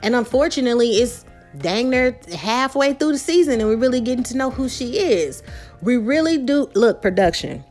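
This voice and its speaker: Sassy girl chatting a reality show recap, kinda high voice, soft music behind. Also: lively intonation, moderate pace. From Southern United States. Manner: sassy, talks straight to viewers.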